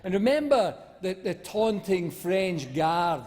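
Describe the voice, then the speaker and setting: A man's voice: high-pitched, sing-song, takes it slowly, darkish tone. A man speaking as a senator in a parliamentary debate, rambling and mocking, with lots of fillers and restarts. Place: large debating chamber. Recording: echoey chamber reverb.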